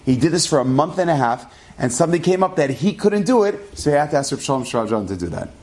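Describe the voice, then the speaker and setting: A man tells a story with animated energy, his voice sitting slightly high. He moves quickly through the tale and keeps it lively. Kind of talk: oral storytelling.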